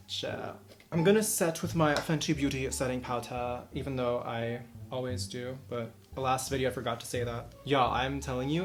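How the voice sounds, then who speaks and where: A young man talking through his makeup routine at home in a loose, joking tutorial style. He pokes fun at himself as he goes, at a middle pitch, with soft music playing faintly behind him. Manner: chatty, joking and self-mocking. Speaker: makeup vlogger. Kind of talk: casual makeup tutorial chat. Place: at home during quarantine.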